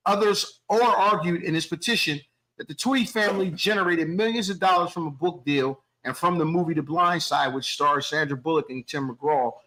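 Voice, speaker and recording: Measured, explanatory man with a high voice. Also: sharp tone, poor audio. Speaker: podcast co-host. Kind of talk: casual debate, reading explanations aloud.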